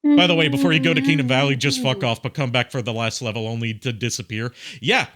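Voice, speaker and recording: A man's voice: mid-range voice, animated, fast. A man chatting casually on a game stream, rambling through his points, swearing freely and laughing at his own jokes. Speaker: stream guest.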